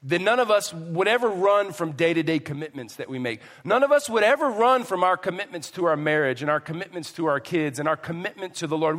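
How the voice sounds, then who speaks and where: A male pastor preaching a sermon with emphasis, swinging between loud and hushed delivery. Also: high-pitched, long reverb tail.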